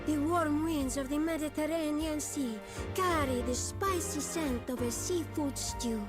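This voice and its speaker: A woman's voice: high voice, measured pace, pitched above the performer's own voice. A woman voicing a brash middle-aged female ship's cook, with a theatrical, sing-song Italian accent put on for the role. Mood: dramatic. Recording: game music playing behind.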